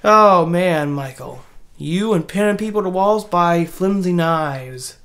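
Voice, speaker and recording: A woman with a fairly low voice talks through a horror movie's plot in a loose, chatty way. She restarts her sentences, corrects herself and adds side comments as she goes. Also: lively intonation, takes it slowly, fairly bright tone, slight background noise. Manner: rambling, chatty, many restarts and fillers. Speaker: movie reviewer. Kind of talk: casual spoken movie recap.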